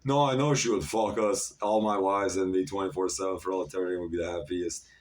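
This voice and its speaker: Give me a man in his thirties with a deep voice, talking in a scattered monologue a little away from the mic. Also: fairly even intonation, fast talker. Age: 30s. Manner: disjointed, jumpy stream of talk with many fillers. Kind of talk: rambling monologue to camera. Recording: voice a bit far from the mic.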